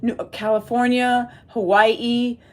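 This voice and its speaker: A woman's voice: fairly high pitch, level tone, takes it slowly. A woman from Texas talking to viewers on a livestream, rambling and emotional, reading and answering the chat as she goes. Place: at home.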